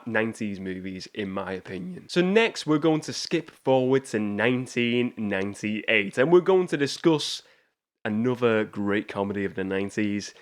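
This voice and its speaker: Male film show host, casual commentary, enthusiastic, rambling, restarts his sentences. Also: on the low side.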